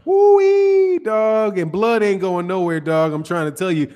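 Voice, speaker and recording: A man's voice: sits high, moderate pace, clean tone. A man from the North Side of Chicago with a Chicago accent, hosting a boxing channel live stream, talking loosely in slang and greeting chat viewers by name.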